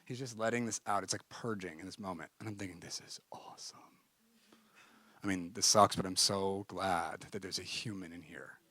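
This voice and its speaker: A man giving a church talk, telling a personal story in a lively way and acting out the conversations. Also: sits low, a little fast, hardly any pauses, dry recording. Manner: animated, acts out conversations, frequent "like". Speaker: speaker at a church gathering.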